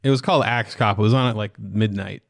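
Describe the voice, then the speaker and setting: A man's voice: on the low side, fast, vocal fry, no room sound. A man co-hosting a comedy podcast, trading dry jokes and quips in casual chat. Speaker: podcast co-host.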